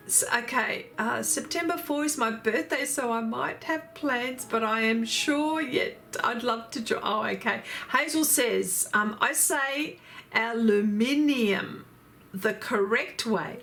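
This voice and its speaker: A woman's voice: a little high, a bit bright, a little hiss or hum. Chatty woman hosting an art livestream. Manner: chatty, laughing, reads out viewer comments. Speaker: art livestream host reading chat. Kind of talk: casual chat.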